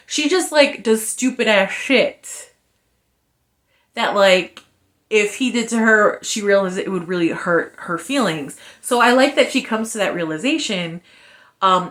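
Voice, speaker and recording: A woman chatting casually through a book review, animated, slangy and frank, acting out the characters' lines as she retells the plot. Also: mid-range voice.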